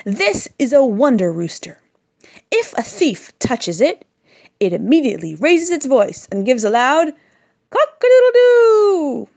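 A devout, clever male advisor at court, read by a woman storyteller. He speaks earnestly and asks politely, with a lively rise and fall in his voice. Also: fairly high pitch, measured pace, vocal fry, full character voice. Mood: confident. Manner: earnest, pleading.

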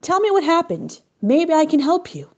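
Woman playing a young shepherd boy, earnest, brightly pitched, lively, storybook voice. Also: moderate pace, highs cut off. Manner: earnest, encouraging.

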